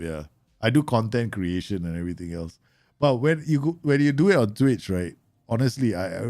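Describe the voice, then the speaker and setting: A man live-streaming a football management game, chatting casually with viewers and yelling at his players. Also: mid-range voice, no echo, studio quality. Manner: animated, bursts into loud yells and laughs at his players; chatty, answers viewer questions with many fillers.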